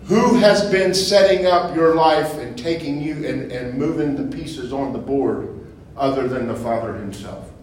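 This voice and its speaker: A man preaching informally to a small group, conversational, repeating phrases and asking rhetorical questions, building to loud emphatic bursts. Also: mid-range voice, measured pace. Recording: echoey room from far off, faint noise.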